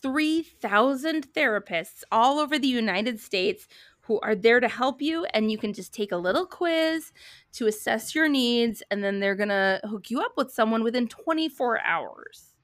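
A high-voiced woman in casual podcast chat, bubbly and quick to laugh. Her voice swoops widely, and the recording is close and dry. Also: expressive, fairly bright tone, no room sound. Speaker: podcast co-host.

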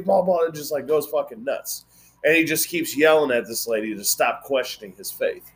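A man's voice: medium pitch, normal speed. A man hosting a casual podcast chat, blunt and rambling, swearing freely. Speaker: podcast host.

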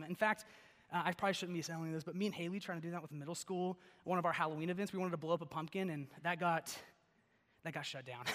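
High-voiced young man preaching in a hall. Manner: chatty and animated, lots of "like" and "okay?". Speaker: pastor. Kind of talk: casual sermon with personal stories. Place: church sanctuary. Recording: long reverb of a large hall.

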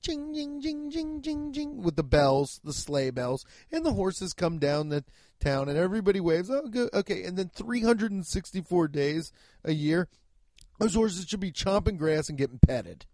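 A man in his thirties delivers a profane, mocking comedy rant as a podcast host. His voice sits a bit high for a man. The recording is close and dry, with no room sound. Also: normal speed, warm tone, no echo.

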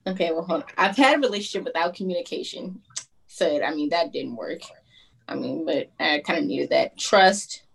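A woman's voice: sits low, expressive, normal speed, creaky, breathy edge. A young woman guest on a podcast, talking in a frank, giggly, somewhat scattered way. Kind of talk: casual chat.

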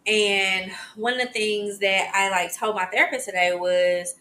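A young adult woman hosting a casual solo podcast, talking in a chatty, expressive way with sighs and laughs. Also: mid-range voice, a little slow. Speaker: podcast host.

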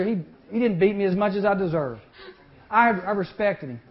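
His pitch sits high and his pace is a little fast as this youth speaker gives an animated, folksy sermon, acting out the voices of people in the story and often putting questions to the young crowd. The recording is muffled and lo-fi.

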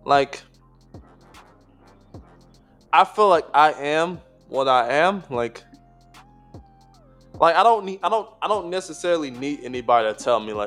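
A man's voice: fairly high pitch, expressive, moderate pace, fairly bright tone, soft background music. A man co-hosting a podcast in casual chat, rambling with lots of fillers, restarts and swearing. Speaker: podcast co-host.

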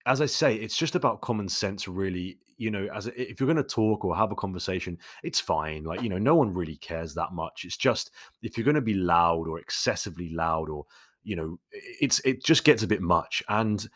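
Guy, deep voice, dry close sound, rambling friendly Q&A host. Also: expressive, brisk, a bit bright, no echo. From London. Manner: conversational, many fillers and restarts. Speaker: YouTube host answering viewer questions. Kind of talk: casual Q&A monologue.

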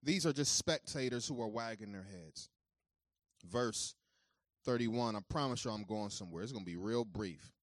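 A man preaching a sermon who moves between calm teaching and loud, high-pitched preaching, talking informally straight to his congregation. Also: normal speed, dry recording, studio quality. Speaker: pastor.

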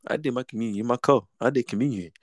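A man's voice: mid-range voice, very fast, no room sound, studio quality. A young man co-hosting a casual podcast, making laid-back, profane, joking asides. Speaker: podcast co-host.

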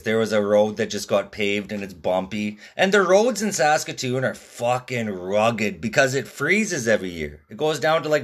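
A man hosting a podcast from Canada, telling stories in a profane, laid-back way. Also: medium pitch. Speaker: podcast host. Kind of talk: casual rambling monologue.

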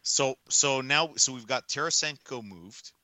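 A man's voice: mid-range voice, unhurried, bright, forceful tone, no echo. A man co-hosting a casual sports talk podcast, ranting emphatically and hammering his points with repetition. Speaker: podcast co-host.

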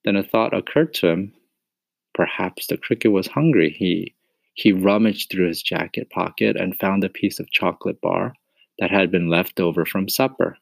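A man reading a children's chapter book aloud in a measured way. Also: sits low, gravelly, no echo. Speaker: narrator. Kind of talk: storybook reading.

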